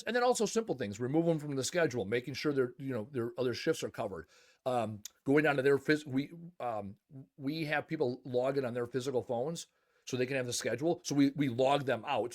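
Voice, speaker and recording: A man who owns a junk removal company, telling stories emphatically in a casual podcast conversation. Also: mid-range voice. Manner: emphatic, animated storytelling. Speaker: junk removal business owner.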